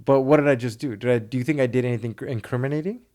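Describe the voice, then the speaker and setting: A man, a criminal lawyer, talking casually in an interview and acting out exchanges with police. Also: mid-range voice. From Sri Lanka. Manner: fast, animated, acts out police exchanges.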